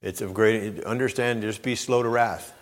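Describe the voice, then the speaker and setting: Deep-voiced male preacher in a reverberant hall. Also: steady tone, normal speed. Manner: conversational, repeats words, acts out quoted speech. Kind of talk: sermon with personal stories.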